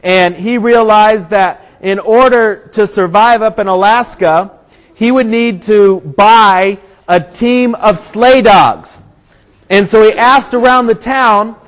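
A man preaching to a crowd, praying and then telling a funny story before a Bible passage, growing animated and shouting at the climax. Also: high voice, slow, rough recording. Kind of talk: storytelling sermon.

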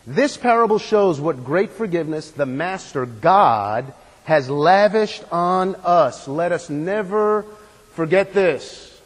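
A man's voice: high voice, expressive, slow pace, long reverb tail, low-quality recording. A man preaching a sermon in an earnest, emphatic way, asking the room questions and stressing key words.

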